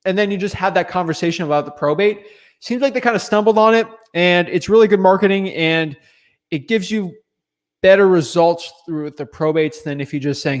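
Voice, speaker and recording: Talky guy on a stream, laid back, kinda high-pitched, lots of uhs and likes. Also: moderate pace. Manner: relaxed, chatty, loose filler words and restarts. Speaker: real estate wholesaler answering viewer questions. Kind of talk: casual livestream chat.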